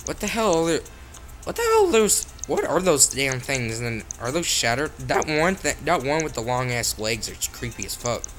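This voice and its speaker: Foul-mouthed man yelling over phone game. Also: mid-range voice, animated, moderate pace, few pauses, slight background noise. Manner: swears constantly, with sudden frustrated outbursts. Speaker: mobile gamer. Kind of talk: profane let's-play commentary.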